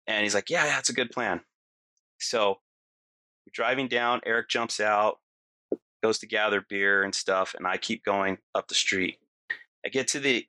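Guy telling a wild story casually, acts out the quotes, bright voice, keeps saying you know. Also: fairly low pitch, no echo.

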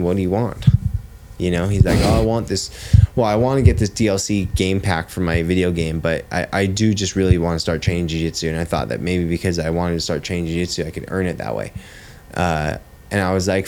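A man's voice: deep voice, darkish tone, a little hiss or hum. A man in his thirties, a jiu-jitsu coach and father, telling stories in casual podcast chat, blunt and swearing freely. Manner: blunt, swears freely, says "dude" often.

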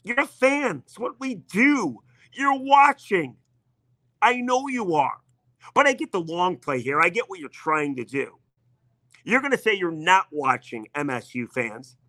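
A man's voice: sits high, big pitch swings, unhurried, sharp tone, no echo. A man hosting sports talk radio, delivering an emphatic, needling monologue that leans on repetition.

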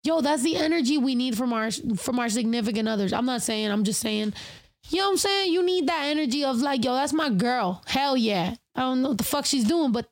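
A woman's voice: sits high, animated, fast. A young woman in casual podcast chat, telling stories with lots of slang and swearing, laughing often.

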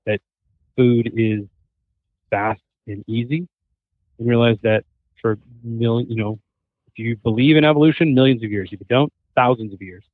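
A man's voice: mid-range voice, moderate pace, long pauses, no room sound. Guy telling stories on a podcast, does the voices, sounds like a phone call, dry. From Southern California. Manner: animated storyteller who acts out quoted voices. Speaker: podcast guest, hunter and chef. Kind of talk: casual conversation. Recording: thin phone-like remote line, dry.

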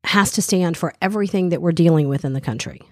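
A woman's voice: on the low side, fast, dry recording, clean studio sound. A middle-aged woman with a Southern US accent, co-hosting a radio show in casual, chatty talk full of fillers and restarts. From American South. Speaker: radio co-host. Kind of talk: casual chat.

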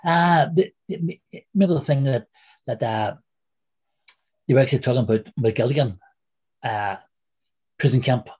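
A man's voice: mid-range voice, dark tone, slightly rough, muffled recording. A man in his sixties with a Derry accent, reminiscing in a rambling, casual way as an interview guest. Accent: Derry, Northern Irish. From Northern Ireland. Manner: rambling, many fillers and "there".

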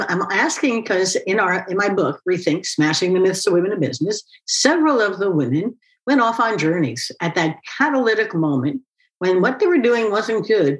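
A woman's voice: medium pitch, poor audio. Female interview host, author; reflective, long-winded questioning. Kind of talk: interview conversation.

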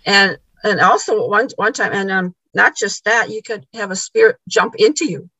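A woman with a gravelly, husky voice tells a story in casual conversation, stumbling over repeated words and voicing what each person said. The sound is dry and close. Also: medium pitch, moderate pace, sharp tone, dry recording, poor audio. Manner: repeats words, acts out quoted dialogue. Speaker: podcast guest.

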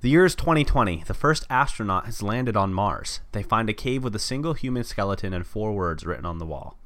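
A man's voice: lowish voice, expressive, brisk, a bit bright, dry recording. A man co-hosting a podcast, reading his own short story aloud and running it down. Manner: self-deprecating, laughs at himself. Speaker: podcast co-host.

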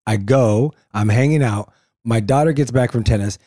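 A middle-aged man co-hosting a relaxed talk, recounting family mishaps with animated impressions. His voice is warm and mellow, recorded close and dry. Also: mid-range voice, moderate pace, no echo. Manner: animated storyteller, mimics family members. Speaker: podcast co-host. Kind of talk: casual chat.

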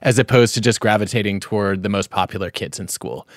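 A man's voice: lowish voice, fast talker, dry recording, clean studio sound. A middle-aged man hosting a podcast, telling a family story and asking reflective questions. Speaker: podcast host. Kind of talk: podcast conversation.

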